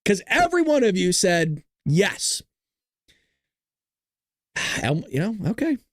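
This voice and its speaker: A man's voice: high voice, sing-song, slow pace, a bit bright, no room sound, clean studio sound. A man hosting a live political commentary stream, talking casually to his chat, jokey and profane. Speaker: livestream political commentary host.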